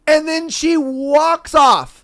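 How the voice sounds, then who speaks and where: A young man co-hosting a podcast, telling a story in casual chat, animated, swearing freely and acting out voices. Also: extremely high pitch, slow. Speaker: podcast co-host.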